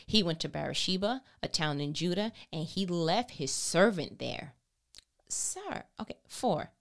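With a low, creaky voice at an ordinary pace, a woman podcaster reads scripture aloud and calls out each verse number. Between readings she breaks into spirited, playful commentary in casual slang.

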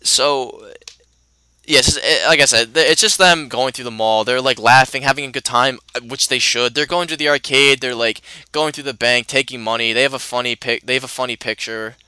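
A man's voice: medium pitch, steady tone, normal speed, bright, forceful tone, clean tone, no echo. A young man co-hosting a podcast, chatting casually about a film, rambling with many restarts and fillers. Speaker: podcast co-host.

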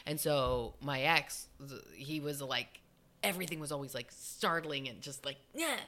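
A woman's voice: a bass voice, normal speed. A young woman chatting casually, telling stories and acting out the lines of people in them. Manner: animated storyteller, acts out quoted lines. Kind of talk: casual chat.

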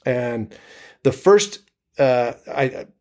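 A man's voice: medium pitch, animated, very slow, a little mellow. A man from Utah, a comedian and actor, chatting as an interview guest with frequent hesitant restarts. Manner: hesitant, many restarts and fillers. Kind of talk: casual interview chat.

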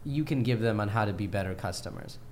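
A man's voice: lowish voice, expressive, darkish tone, slight background noise. A man hosting a podcast, chatting casually, joking and reacting to his guest. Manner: chimes in with jokes and quick reactions. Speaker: podcast host.

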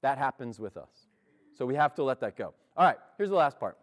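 A man's voice: mid-range voice, big pitch swings, fairly quick. A man preaching a sermon in a church, talking in a conversational way and often laughing.

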